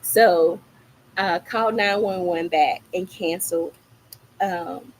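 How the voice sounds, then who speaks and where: Animated woman telling a story live. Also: slow pace, slight background noise, low-quality recording. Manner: animated, acts out quoted lines with rising pitch. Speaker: gardening livestream host. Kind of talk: casual storytelling on a livestream. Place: small home patio garden, outdoors.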